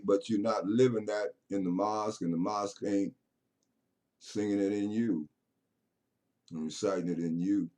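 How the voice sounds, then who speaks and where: A man preaching a sermon, swinging between loud raised lines and low murmured passages. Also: fairly even intonation, normal speed, pauses often. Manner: preaching with rising chanted bursts and low murmured stretches.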